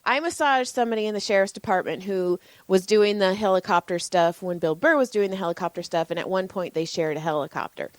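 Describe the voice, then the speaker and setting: A woman co-hosting a podcast tells stories in a loose, animated way, laughing and cursing as she goes. Her voice sits in the middle range. The sound is dry and close, with hardly any room around it. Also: medium pitch, fast talker, few pauses, no echo. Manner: animated storyteller, laughs often, swears casually. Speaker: podcast co-host. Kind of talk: casual chat.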